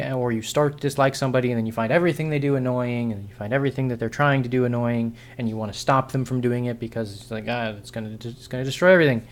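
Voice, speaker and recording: A man vlogs an unscripted opinion monologue, sounding frustrated and sarcastic as he rambles, restarting and correcting himself often. His voice sits at a medium pitch.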